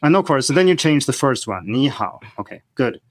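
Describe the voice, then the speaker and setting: This mid-range, sing-song voice moves a little fast on a dry recording. The man is a podcast guest who specializes in learning Chinese, and he explains the subject in an orderly, teacherly manner.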